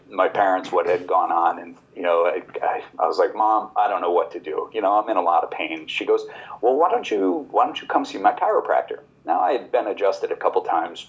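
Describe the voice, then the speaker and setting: A man in his forties, a chiropractor guest on a podcast, telling a personal story in a casual, animated way and quoting others in his own voice. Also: low-pitched. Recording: dull lo-fi podcast audio.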